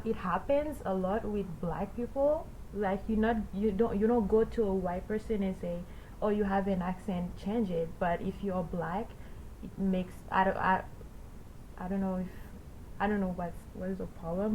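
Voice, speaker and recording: A young woman with a Creole-tinged accent, speaking haltingly with many restarts in a casual discussion. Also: mid-range voice, a little mellow, slight background noise, low-quality recording. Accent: Haitian Creole-influenced.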